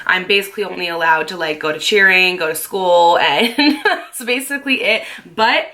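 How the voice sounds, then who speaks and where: Chatty bright-voiced young woman. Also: lowish voice, moderate pace. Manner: chatty and animated, swears freely, acts out quotes. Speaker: YouTuber telling a story. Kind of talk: casual storytime monologue.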